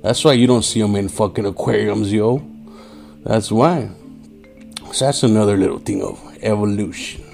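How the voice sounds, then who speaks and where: A man's voice: lowish voice, moderate pace, creaky, darkish tone, faint music behind. A tired man hosting a casual solo podcast, profane and streetwise, saying "yo" a lot. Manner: profane, streetwise, says "yo" often; mimics angry drivers in raised voice. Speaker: podcast host.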